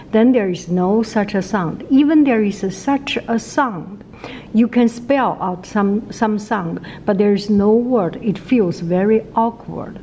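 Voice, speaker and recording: A woman with a Chinese accent teaches pronunciation in a casual video lesson. She talks slowly and patiently and repeats each sound again and again. Her voice is mellow, with faint noise behind it. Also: mid-range voice, poor audio. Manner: repeats sounds many times, slow and patient.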